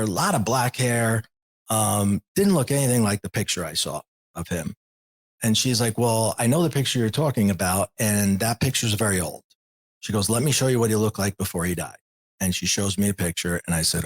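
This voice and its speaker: A man in his forties, a podcast guest, candidly retelling a personal story with lots of quoted dialogue in a husky voice. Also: on the low side. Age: 40s. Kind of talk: storytelling in an interview.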